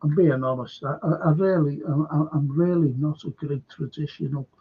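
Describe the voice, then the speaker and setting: A man's voice: a little high, fairly even intonation, moderate pace, narrow, tinny audio, slight background noise. A man with a Scouse accent from Liverpool, hosting a livestream in a blunt, rambling monologue full of restarts and swearing. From Liverpool, England. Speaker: livestream host.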